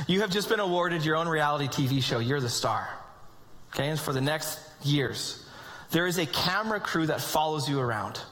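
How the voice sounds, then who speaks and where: A man preaching a sermon to his congregation, animated and conversational, with joking asides. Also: high-pitched. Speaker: pastor. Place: church sanctuary with congregation. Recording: long hall reverb.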